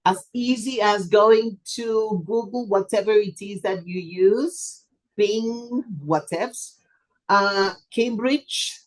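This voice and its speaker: Hoarse webinar host on a video call, chatty and jokey, computer mic, coughing a bit. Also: mid-range voice, poor audio. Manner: chatty, playful and self-deprecating. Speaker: webinar presenter for teachers. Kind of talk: casual online webinar wrap-up. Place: video call from a home or office.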